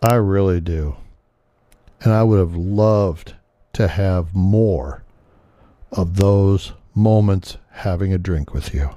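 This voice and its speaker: A man's voice: low voice, takes it slowly, mellow, no echo. A man in his sixties hosting a podcast, telling personal stories in a casual, earnest way with some swearing. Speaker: podcast host.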